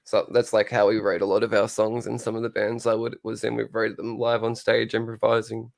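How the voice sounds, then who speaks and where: A man in a casual interview, talking in a dry, low-key, near-monotone way. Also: brisk, vocal fry. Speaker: guest, show co-host and musician.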